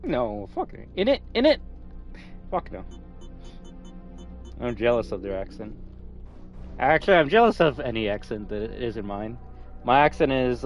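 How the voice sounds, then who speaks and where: Lively, swearing male game streamer. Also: mid-range voice, highs cut off. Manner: rambling, swears freely, nerdy asides. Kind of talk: casual gameplay commentary.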